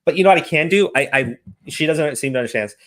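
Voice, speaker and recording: A man's voice: fairly high pitch, lively intonation, fast. A man ranting profanely in casual stream commentary.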